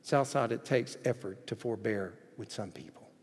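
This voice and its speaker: A man preaching a sermon as pastor in a church, swinging between hushed, gentle passages and loud, excited ones. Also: fairly low pitch, moderate pace, slightly rough. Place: church sanctuary. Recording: echoey hall reverb.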